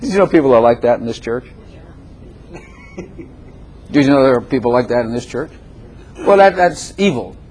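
An older man preaching a sermon as a pastor, emphatic and repetitive, swinging between loud declarations and softer asides. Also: mid-range voice, slightly rough.

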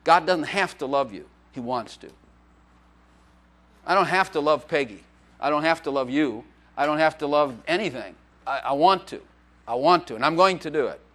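A man's voice: a little high, expressive, moderate pace, fairly bright tone. A man preaching as a pastor in a church, in a joking, conversational way with playful acted quotes. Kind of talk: sermon.

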